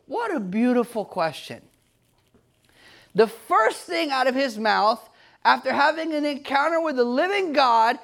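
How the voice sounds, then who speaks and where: Man preaching, gravelly, high-pitched, emphatic, builds to shouting. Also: animated, measured pace. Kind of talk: sermon.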